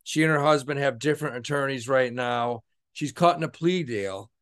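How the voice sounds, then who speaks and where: A man co-hosting a casual podcast, loud and excitable, swearing often as he tells stories. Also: mid-range voice, moderate pace, clean tone. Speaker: podcast co-host. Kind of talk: casual crude banter.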